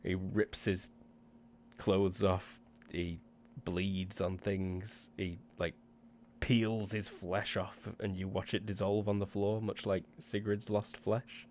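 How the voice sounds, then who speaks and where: Laid-back low-voiced man running a game. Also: level tone, takes it slowly, a little mellow, slight background noise. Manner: laid-back, laughs easily, swears casually. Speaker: game master. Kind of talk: running a tabletop game and signing off.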